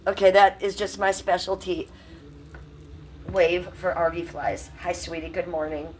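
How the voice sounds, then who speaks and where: A Cleveland woman in her fifties chats casually with her livestream viewers, salty and talkative, coughing now and then. Her fairly low voice has fairly even intonation at a normal speed, but she sits a bit off-mic and far away, with faint room hum on a low-quality recording.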